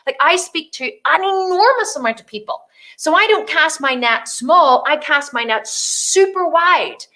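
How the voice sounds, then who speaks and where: A woman's voice: high-pitched, lively intonation, measured pace, sharp tone. A woman business coach hosting a solo podcast, talking casually and animatedly, swearing freely and acting out the voices of people she describes.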